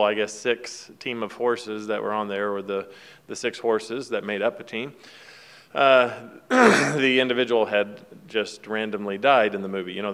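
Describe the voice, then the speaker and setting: A man's voice: lowish voice, a bit bright, clean tone. A man giving a casual devotional talk, retelling a film scene in a folksy, rambling way with fillers and restarts. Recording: long hall reverb.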